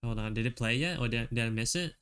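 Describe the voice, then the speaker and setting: A man streaming while he draws, chatting casually with viewers in a relaxed way and chuckling often. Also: medium pitch, fast talker, clean tone.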